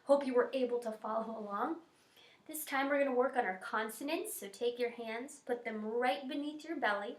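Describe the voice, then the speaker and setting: A woman teacher guiding students through breathing and posture warmups in an encouraging, instructive way. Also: on the high side, moderate pace, recorded from a distance. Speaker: music teacher. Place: school music room. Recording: echoey room.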